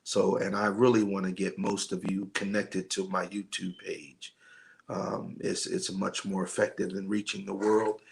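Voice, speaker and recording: A pastor hosting a men's night livestream speaks in a low, gravelly voice. He talks slowly and loosely, full of ums and uhs. He greets viewers by name as he goes. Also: little pitch movement. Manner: slow and rambling, many fillers, greets viewers by name. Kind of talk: casual livestream talk and preaching.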